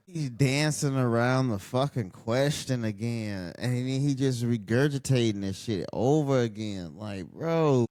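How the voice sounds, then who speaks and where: A tired man rants through a late-night wrestling show, blunt, profane and mocking. His voice sits at an ordinary pitch and is recorded close and dry, with no room sound. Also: expressive, measured pace, few pauses, a little mellow, no room sound. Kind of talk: casual ranting commentary over a live show.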